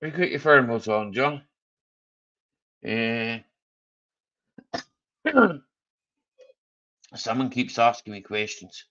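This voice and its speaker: A man's voice: mid-range voice, expressive, very slow, pauses often, bright, forceful tone, muffled recording. A man hosting a casual live chat stream, jokey and rambling, chuckling often.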